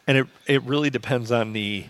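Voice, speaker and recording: A man's voice: medium pitch, brisk, fairly bright tone. Dry-humored man telling anecdotes. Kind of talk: casual chat.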